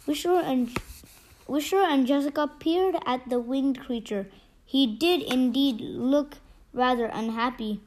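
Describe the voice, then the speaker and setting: A woman's voice: high-pitched, unhurried, a little mellow, slight background noise, poor audio. Woman reading a children's storybook.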